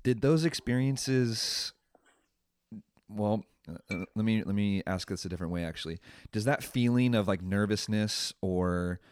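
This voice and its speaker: Deep-voiced man asking halting questions. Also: a little mellow, smooth, dry recording. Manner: halting, rephrases his question mid-way. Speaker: interviewer, host. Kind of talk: interview question.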